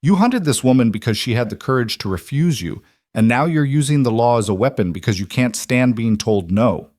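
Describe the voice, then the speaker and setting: A man's voice: mid-range voice, lively intonation, fairly quick, a little mellow, no room sound, studio quality, natural voice. A man playing an angry defiant cowboy. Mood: furious. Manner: heated, accusing.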